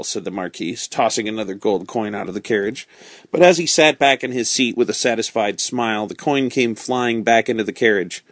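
Calm man reading a story aloud. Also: lowish voice, a little fast, dry recording, clean studio sound.

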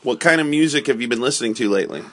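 A man's voice: medium pitch, animated, racing, a bit bright. A man hosting a casual morning chat with a child, playful and jokey, laughing often. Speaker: host.

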